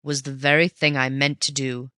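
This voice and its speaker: A reader voicing a cool, mocking gentleman thief who talks low and forcefully, in an audiobook reading. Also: level tone, moderate pace, dry recording, studio quality, lightly acted. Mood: wry. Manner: snarling and teasing by turns.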